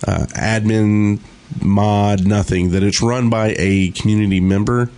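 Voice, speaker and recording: A man with a fairly low voice co-hosting a gaming podcast. He talks haltingly, with frequent pauses as he lays out plans. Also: steady tone, mellow. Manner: hesitant, full of uh fillers. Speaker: podcast co-host. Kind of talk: casual podcast chat.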